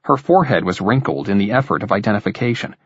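Low husky male audiobook narrator. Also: dry recording. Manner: measured, even storytelling. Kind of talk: scripted narration. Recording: dull, dry lo-fi recording.

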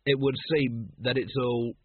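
A tired, cautious watch captain, voiced by a male narrator, measuring each word slowly. The voice is husky and dry, heard through a tinny phone-like band. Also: medium pitch, steady tone, no echo. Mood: careful. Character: weary, hesitant middle-aged watch captain.

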